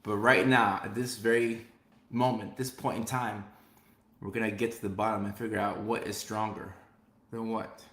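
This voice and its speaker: A man's voice: lowish voice, flat delivery, normal speed, a bit bright, reverberant. A man hosting a casual live stream as a comedian, reading viewer comments aloud in an upbeat way and repeating his phrases.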